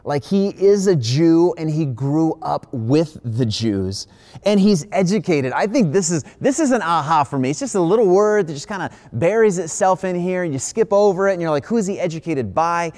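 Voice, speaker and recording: A man from the American Midwest preaches in a relaxed, conversational way, leaning hard on key phrases. He keeps circling back with quick asides as he teaches from scripture. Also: a little high. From Midwestern United States. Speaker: pastor. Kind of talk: sermon.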